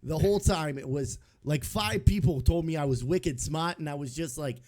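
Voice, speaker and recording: A man's voice: on the high side, moderate pace, darkish tone. A man from the American South, a guest on a podcast, chatting casually and rambling with lots of likes and ums. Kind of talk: casual chat.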